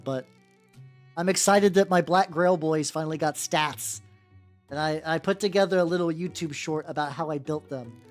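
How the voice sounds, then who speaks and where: A chatty woman livestreaming while she paints miniatures. Her voice sits a little low but swings widely as she talks, and she curses casually and greets chatters by name. Soft background music plays under her. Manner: chatty, swears freely, greets chat by name, laughs often. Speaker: VTuber streamer painting miniatures.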